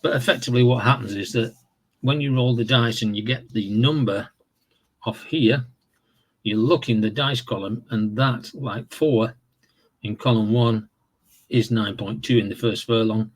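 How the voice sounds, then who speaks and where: A man casually walking through the rules of a horse racing board game, explaining in a relaxed, rambling way with fillers and self-corrections. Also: medium pitch, normal speed. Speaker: tabletop game reviewer. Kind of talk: casual tabletop game walkthrough.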